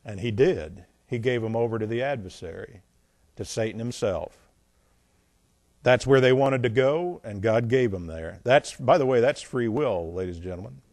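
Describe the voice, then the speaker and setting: A man preaching a sermon, reading scripture aloud and commenting between verses, with folksy joking asides and swings between loud emphasis and quiet remarks. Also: medium pitch, normal speed, no echo, clean studio sound. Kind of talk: sermon, Bible exposition.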